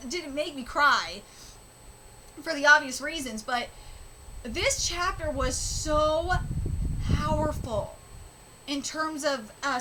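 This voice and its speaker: A woman's voice: high-pitched, background noise. A woman hosting a casual live manga reaction, emotional and rambling, often swearing.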